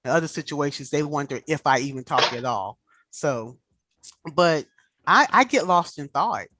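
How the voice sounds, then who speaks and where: A woman in casual chat, telling animated stories and acting out the people she quotes. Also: low voice, normal speed, background noise.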